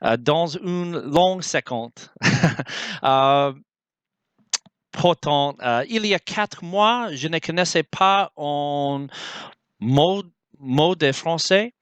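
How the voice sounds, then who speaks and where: Young man, casual vlog, halting with fillers, slightly high voice, crisp, dry. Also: fairly bright tone, no echo, poor audio. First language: English. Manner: halting, many fillers, searching for words. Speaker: language learner.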